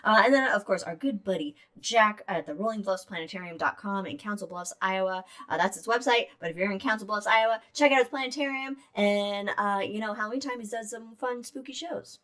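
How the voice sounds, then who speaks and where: A woman's voice: medium pitch, a little fast, few pauses, a bit bright. A woman co-hosting a podcast in casual chat, rambling and playful, with some swearing. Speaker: podcast co-host.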